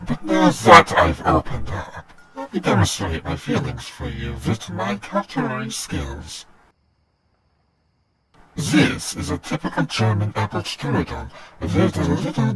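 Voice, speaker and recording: A man's voice: deep voice, wildly swooping pitch, unhurried, over a noisy crowd, pitched below the performer's own voice, exaggerated voice. A man voicing a male serpent monster who speaks as a theatrical romantic suitor. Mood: courtly.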